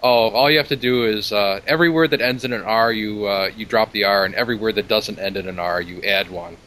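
A man co-hosting a podcast, explaining things in a measured way with dry humour. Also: lowish voice, a bit bright, poor audio. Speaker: podcast co-host. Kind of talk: casual conversational interview.

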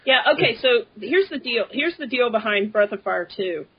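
A woman's voice: a little high, animated, normal speed, breathy edge. A woman co-hosting a podcast, talking casually with many fillers. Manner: chatty, lots of fillers. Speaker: podcast co-host. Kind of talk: casual chat. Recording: lo-fi dull audio.

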